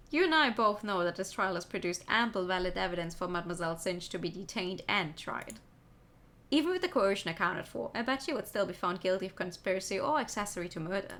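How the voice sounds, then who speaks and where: A woman's voice: medium pitch, a bit bright, close to an everyday voice. Woman reading a reflective bird prosecutor. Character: earnest male bird prosecutor.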